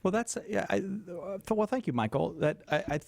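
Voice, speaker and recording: A man's voice: sits high, lively intonation, moderate pace, creaky, a little mellow, no echo. A man hosting a live call-in radio show, talking with frequent hesitations and restarts. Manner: hesitant, with many fillers and restarts. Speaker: radio talk show host. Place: radio studio.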